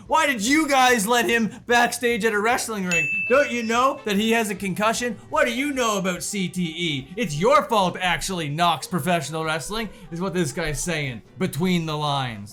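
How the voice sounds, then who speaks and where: A high-pitched man with a bright, sharp voice rants through a commentary video. He swears freely and piles on mocking, exasperated asides. Faint music sits under his voice. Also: lively intonation, normal speed, hardly any pauses. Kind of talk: profane reaction commentary.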